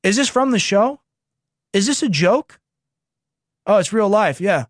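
A man hosting a show, reacting to news clips with sarcastic, mocking political commentary and telling the producer when to pause. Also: high voice, expressive, no echo, clean studio sound.

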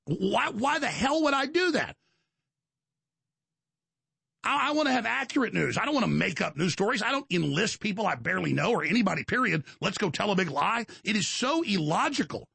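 A man's voice: high-pitched, very animated, brisk, creaky, bright, forceful tone, slightly rough, no room sound. A man hosting a talk show, telling angry stories in a rant, with frequent restarts and repeated words. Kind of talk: ranting monologue.

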